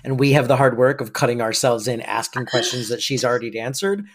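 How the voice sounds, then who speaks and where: A podcast co-host chatting casually, rambling and correcting themself as they get excited. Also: medium pitch, brisk. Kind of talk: casual chat.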